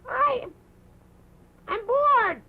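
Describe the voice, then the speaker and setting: A man's voice: very high-pitched, lively intonation, extremely slow, gravelly, full character voice. A man voicing a bored, lonely female witch puppet who sighs and sulks in dramatic, self-pitying outbursts, on a muffled 1950s television broadcast recording. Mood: mopey. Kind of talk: live television puppet show.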